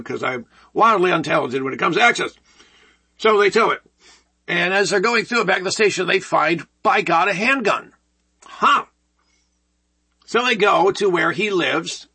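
A man's voice: high-pitched, gravelly, bright, forceful tone, husky. A man hosting a talk radio show, joking and rambling in a sarcastic way.

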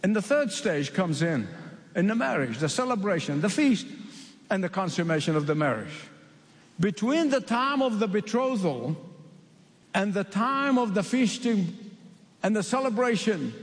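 A man from the Middle East preaching a sermon, emphatic and repeating key phrases with slow dramatic pauses. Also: high-pitched. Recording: long reverb of a large hall.

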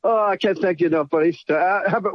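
A man's voice: sits high, fast, no echo. A male caller to a radio show, stammering and full of thanks. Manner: stammering, grateful. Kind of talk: emotional phone call. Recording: dull phone line.

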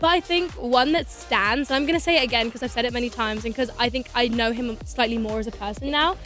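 Teenage girl, high voice, bubbly, gushing, radio studio guest. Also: quick pace, fairly bright tone, faint music behind. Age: teens. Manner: bubbly, gushing, many fillers. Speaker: guest singer and actor. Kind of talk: casual radio interview.

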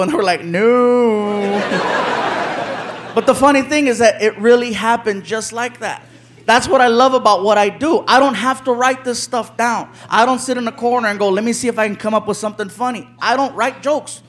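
A man telling a story in stand-up, loud and animated, acting out the people in it with shouts. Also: very high voice, a little fast. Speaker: stand-up comedian. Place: live comedy stage before a laughing crowd. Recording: live show with crowd noise.

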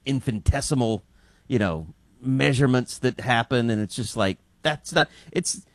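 A man from Scotland muses his way through a point in casual studio talk, filling pauses as he thinks. The sound is dry and close. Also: medium pitch, no room sound. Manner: rambling, thinking aloud with fillers.

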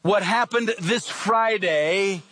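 High-voiced man preaching a sermon. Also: takes it slowly, pushed and bright, slight background noise. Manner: emphatic, repetitive, rhetorical questions. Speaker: pastor.

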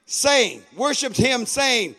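A middle-aged man preaching a sermon, calling for amens and rising to shouts. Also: extremely high pitch, expressive, slow. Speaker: pastor.

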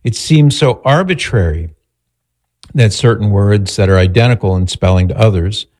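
Low-voiced male radio host. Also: moderate pace, darkish tone. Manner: chatty, playful, leads prayer. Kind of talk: live call-in radio talk.

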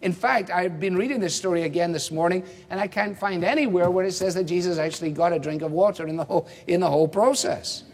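A man preaching an expository sermon, measured and emphatic, posing rhetorical questions. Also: sits high. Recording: reverberant hall.

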